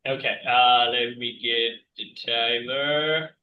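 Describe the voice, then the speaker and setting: A man hosting an improv game, giving brisk instructions and chuckling asides over a video call. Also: mid-range voice, fairly even intonation. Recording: distant, dull, echoey mic.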